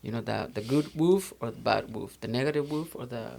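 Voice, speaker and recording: A man's voice: medium pitch, a little fast, creaky, darkish tone. A man with a Mexican accent chatting casually as a podcast co-host, rambling with many fillers and restarts. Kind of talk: casual chat.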